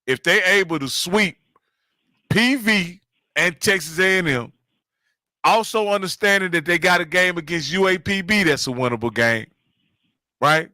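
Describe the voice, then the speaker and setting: A man's voice: high-pitched, normal speed, pauses often, bright, forceful tone, no echo. A man hosting a casual sports chat, conversational and emphatic.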